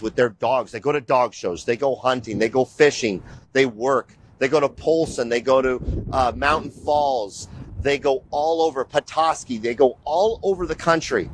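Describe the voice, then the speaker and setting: Talking to viewers as he leads them on a walking tour, a middle-aged man hosting a show is animated and rambling, frequently saying "you guys." His pitch is medium, and the poor audio has slight background noise.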